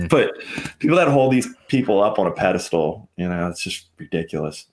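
Profane, animated man in casual chat. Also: moderate pace, background noise. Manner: loose, profane, laughing, swinging pitch. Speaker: podcast co-host.

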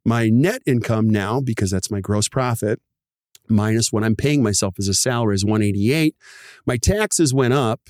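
A fairly low-pitched man's voice, dry and cleanly recorded in a studio. As a podcast host, he explains practice numbers with gusto, acting out short dialogues. He's animated throughout and briefly voices other characters in quick asides.

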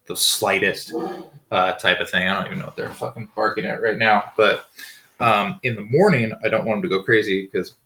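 Casual swearing man, bright tone. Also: lowish voice, steady tone, brisk. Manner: rambling, swears freely, many fillers. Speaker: podcast host. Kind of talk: casual storytelling monologue. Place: home with dogs barking nearby.

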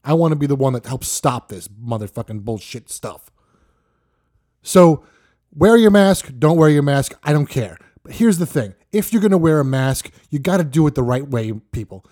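A man hosting a podcast, yelling a profane, exasperated rant. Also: medium pitch, expressive, moderate pace. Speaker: podcast host. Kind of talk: ranting monologue.

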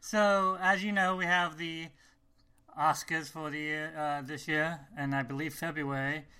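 A man's voice: on the high side, level tone, measured pace, sharp tone, clean tone. A man hosting a podcast, loose and self-deprecating, laughing as he talks. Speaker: podcast host. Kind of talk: casual chat.

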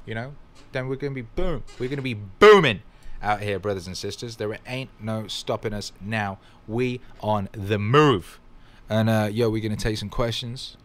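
A man hosting a motivational livestream, talking emphatically with bursts of exclamation and swearing, and reading out viewer comments. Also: on the low side. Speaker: livestream host.

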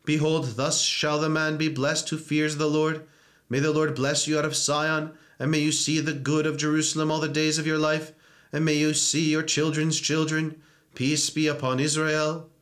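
Monotone man intoning psalms. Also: a little high. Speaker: church reader and chanter. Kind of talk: liturgical psalm reading and chant.

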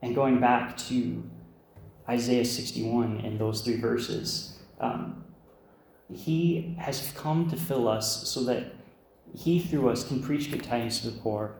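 A man's voice: mid-range voice, fairly even intonation, slow, gravelly, darkish tone, a little hiss or hum. Earnest young man preaching in echoey church. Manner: earnest and heartfelt, with many ums and restarts. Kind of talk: first-time sermon. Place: church sanctuary. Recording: echoey church room with faint ambience.

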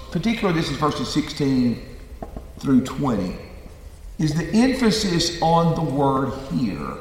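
A man leading a Bible study class, speaking slowly and deliberately and stressing key words. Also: mid-range voice, creaky, darkish tone, slight background noise. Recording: echoey hall.

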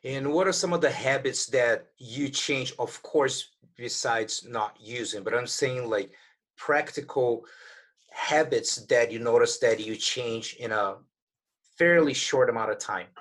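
Podcast host, man: casual, halting questions full of restarts, middle-pitched voice. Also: fairly bright tone. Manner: hesitant, restarts his questions, uses "like" and "you know". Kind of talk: casual interview.

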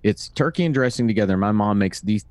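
A man's voice: fairly low pitch, animated, fast, darkish tone, dry recording. A man in his fifties, co-hosting a podcast from home, telling stories in a wry, dry casual chat. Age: 50s. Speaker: podcast co-host. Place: home recording room.

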